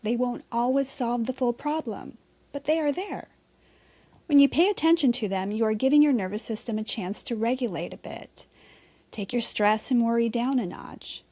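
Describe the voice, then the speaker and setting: Talking openly and casually on her reflective solo podcast, a woman lets a little mild profanity slip. Her voice is fairly high-pitched with a slightly mellow quality.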